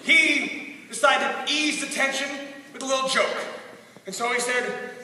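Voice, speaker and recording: Young male youth speaker, high and bright, animated and comic, heard from far off in an echoing hall. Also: a little slow. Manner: animated, shouting punchlines, self-mocking. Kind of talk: energetic comic youth talk. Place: large hall. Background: teen audience.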